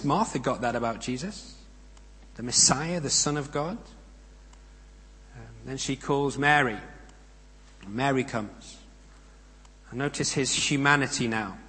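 A man preaching a sermon. He speaks in a measured, emphatic way, with pauses and rhetorical questions. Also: medium pitch, pushed and bright. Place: church. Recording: long reverb of a church hall.

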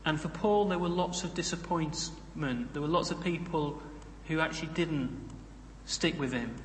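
A man preaches a sermon conversationally, tossing in humorous asides, his voice fairly high and his pace moderate. The echoey hall gives the recording roomy reverb, and there's a little background noise.

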